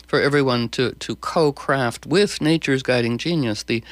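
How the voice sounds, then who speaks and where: Guy hosting, eager and tripping over his words, mid pitch. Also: moderate pace, no room sound. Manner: excitable, stumbling, with many restarts. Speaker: host. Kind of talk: conversational interview.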